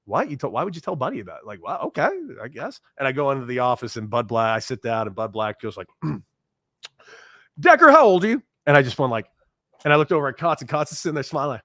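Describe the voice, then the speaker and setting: A man in his thirties, a former ball player, telling stories in a casual interview, animated and laughing. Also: medium pitch, very fast, no echo, clean studio sound. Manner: animated storyteller, acts out quoted voices, laughs often.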